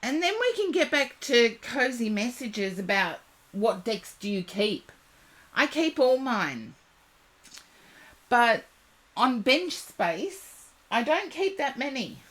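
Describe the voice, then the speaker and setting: A woman reading tarot live for viewers, chatty and reassuring, talking to them by name, her voice going a little hoarse. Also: on the high side, sing-song, takes it slowly, a bit bright. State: losing her voice. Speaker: tarot reader.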